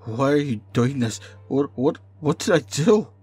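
Man doing a panicked young prisoner, strained high pleas, faint music behind. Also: slow pace, husky. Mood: pleading. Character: frightened young male captive, pleading and desperate.

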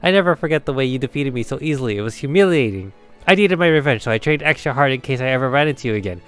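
A man's voice: medium pitch, lively intonation, fairly bright tone, smooth, faint music behind, close to an everyday voice. A man voicing a proud, boastful young male rival trainer who is a sore loser. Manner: rushed, boastful.

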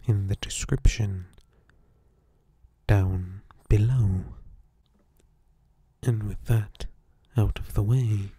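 A man voicing a snarky male character in a whispered role-play, with a soft breathy whisper and deadpan, mock-soothing insults. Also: on the low side, dry recording, heavily acted.

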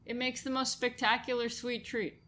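A woman's voice: fairly high pitch, little pitch movement, normal speed, fairly bright tone, a little hiss or hum. A woman with a New York accent, hosting a radio food show in casual chat, talking about a recipe and laughing easily. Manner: chatty, laughs easily, lists ingredients. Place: radio studio.

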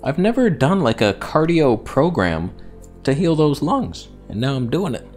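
A man's voice: fairly high pitch, big pitch swings, measured pace, darkish tone, soft background music. Man in back pain, rambling and self-mocking. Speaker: vlogger. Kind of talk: casual vlog monologue.

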